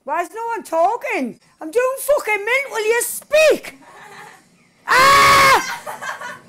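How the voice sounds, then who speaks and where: A woman chatting while she plays a game with friends, excitable, swearing a lot and yelling at the screen. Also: very high voice, unhurried. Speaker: gamer playing with friends.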